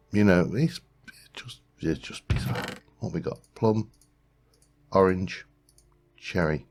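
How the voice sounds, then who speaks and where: A man's voice: a bass voice, creaky, darkish tone. A man hosting a let's play, musing aloud in casual gameplay commentary, rambling with frequent restarts.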